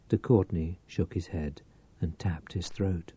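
A man reading a novel aloud as an audiobook narrator, with a measured, theatrical delivery. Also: low voice, steady tone, warm tone, slightly rough, dry recording.

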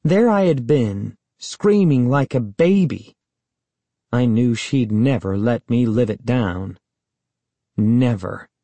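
A man's voice: mid-range voice, expressive, takes it slowly, dark tone, no room sound. A man narrating a children's story in first person, as a sulky, bitter boy. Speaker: audiobook narrator.

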